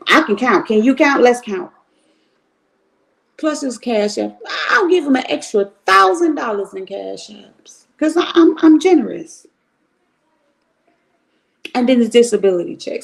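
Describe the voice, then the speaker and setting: A woman's voice: medium pitch, vocal fry. A middle-aged woman from Cleveland, ranting bluntly and profanely on a casual livestream. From Cleveland, Ohio. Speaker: livestream host.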